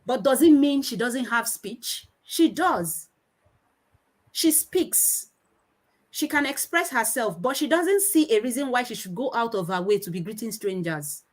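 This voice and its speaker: Animated Nigerian woman speaker, high voice. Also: measured pace, low-quality recording. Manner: animated, acts out her children's voices. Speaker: conference speaker on child speech. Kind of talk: conference talk with anecdotes.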